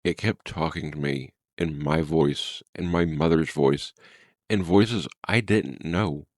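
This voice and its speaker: A man voicing a frightened, injured woman in her thirties trapped in a cave, who speaks in halting, trembling, broken sentences while telling a horror story. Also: extremely low pitch, dry recording, clean studio sound, heavily acted.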